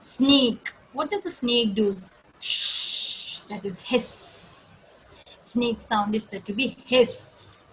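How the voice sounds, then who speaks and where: An Indian woman teaching young children an English lesson, explaining slowly in a sing-song manner and imitating animal sounds. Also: on the high side, pushed and bright, rough recording. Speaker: schoolteacher.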